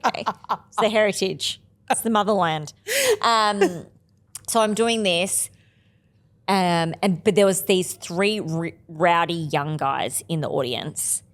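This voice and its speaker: A woman's voice: lowish voice, slow pace. A woman from Melbourne with an Australian accent, a comedian guest telling rambling, self-deprecating, sweary stories. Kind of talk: casual anecdote-telling.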